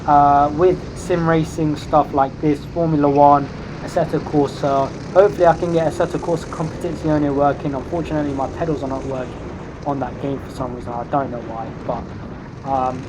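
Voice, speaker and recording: Give me an excitable woman commentating a race game. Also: deep voice, noisy background. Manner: excitable, rising and louder in tense moments; chatty, self-correcting asides. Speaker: sim racing video creator.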